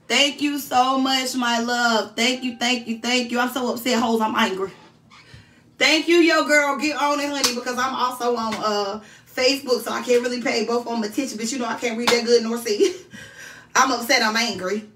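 A woman livestreaming, telling her story in a brash, profane, animated way. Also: a little high, moderate pace, recorded from a distance. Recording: roomy sound from off the mic.

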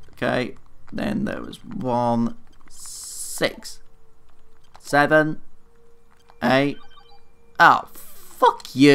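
Man, young, gameplay commentary, flustered and sweary, bright tone. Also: a little high. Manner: flustered, swears often, self-mocking. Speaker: gaming YouTuber. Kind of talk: casual let's play commentary.

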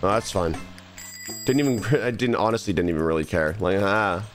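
A young man with a lowish voice and lively intonation streams a game live at a moderate pace. He talks restlessly to himself, mocking himself and repeating phrases under his breath, while faint music plays behind him.

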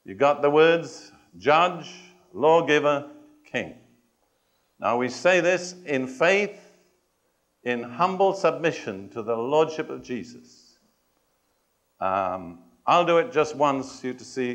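A man preaching a sermon to a congregation. He speaks in a measured, emphatic way, puts questions and challenges to his listeners, and adds touches of dry humor. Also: mid-range voice, animated. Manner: addresses and challenges the congregation directly.

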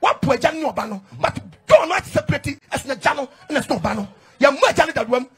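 A man preaching emphatically in a sing-song cadence, often shouting as a reader answers him. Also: extremely high pitch, animated, fast talker. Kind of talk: preaching with call-and-response.

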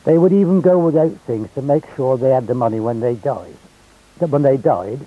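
A man's voice: medium pitch, animated, normal speed, narrow, tinny audio. An elderly man from England narrating local history as wry, chatty anecdotes. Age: older. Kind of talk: storytelling reminiscence.

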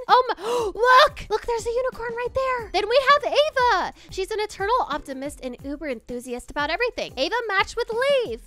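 A woman hosting a game video, giving excited, gushing gameplay commentary with frequent gasps. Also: extremely high pitch. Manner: gasps often, gushing and exclamatory.

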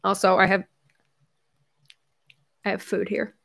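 A woman's voice: mid-range voice, level tone, slow, creaky, fairly bright tone, breathy edge. A young woman hosting her own livestream, chatting casually and rambling with frequent fillers and laughs.

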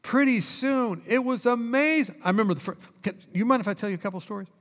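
Animated high-voiced male preacher, reverberant hall. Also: fast. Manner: animated storyteller, drops low and quiet for quoted dialogue. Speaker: pastor. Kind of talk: sermon storytelling. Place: church hall. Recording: long church reverb.

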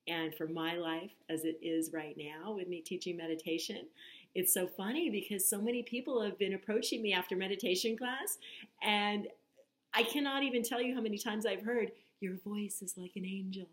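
A woman in her forties, a meditation teacher, talking casually to her viewers, chatty and laughing, with soft whispery asides. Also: medium pitch. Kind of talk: casual vlog monologue.

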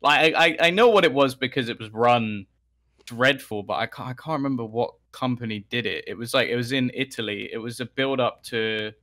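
A young man, guesting on a podcast, recounting stories in an animated, restart-filled way. His voice sits at an average pitch but sounds bright and forceful. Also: a little fast. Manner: animated anecdote telling with laughs and restarts. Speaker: esports caster, podcast guest. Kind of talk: casual podcast storytelling.

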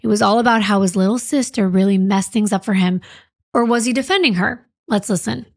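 A woman's voice: medium pitch, a little fast, darkish tone, dry recording, studio quality. Wry woman true crime podcast host. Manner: wry, sarcastic.

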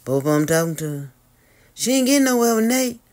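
A host giving sassy gossip commentary, drawling and teasing, with sudden high squeals and long hums. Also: very animated, a little fast, darkish tone.

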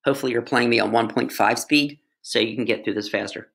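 A man's voice: mid-range voice, quick pace, vocal fry, a bit bright. A man tutoring English, explaining grammar in a casual, playful way with jokes and asides to his students.

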